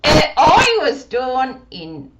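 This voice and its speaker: A woman's voice: huge pitch swings, fairly bright tone, roomy sound, full character voice. A woman voicing a chatty little girl puppet with an Australian accent, in a ventriloquist act. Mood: excited. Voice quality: squeaky, wavering, childlike. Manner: halting, restarts, bursts of glee.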